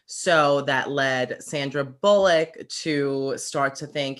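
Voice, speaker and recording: Low-voiced woman recapping a movie. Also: slow, few pauses. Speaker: podcast guest. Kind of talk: casual chat.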